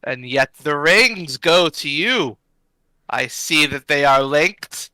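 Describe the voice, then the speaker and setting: A solemn, cryptic ancient rock spirit played by a man delivers grave pronouncements at a crawling pace. The voice is bright and crisp, recorded dry and close. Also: fairly high pitch, lively intonation, no room sound, exaggerated voice, low-quality recording. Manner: slow, grave, deliberate pronouncements.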